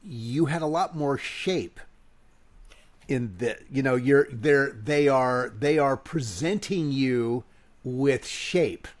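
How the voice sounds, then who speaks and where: A man's voice: mid-range voice, slow. A man co-hosting a podcast in casual chat, steering the talk and asking questions. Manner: expressive, steers the discussion, asks questions. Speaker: podcast co-host.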